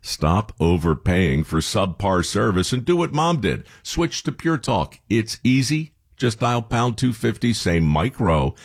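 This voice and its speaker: A man's voice: lowish voice, slightly rough. A man reading a radio ad in a folksy, emphatic style. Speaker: ad spokesman. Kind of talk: scripted radio ad read.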